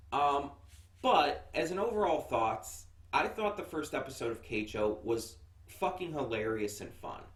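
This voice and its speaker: An American man giving a casual anime review, chatty and rambling with lots of fillers and restarts. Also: mid-range voice. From United States. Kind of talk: casual first-impressions review. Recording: echoey room, mic set far off.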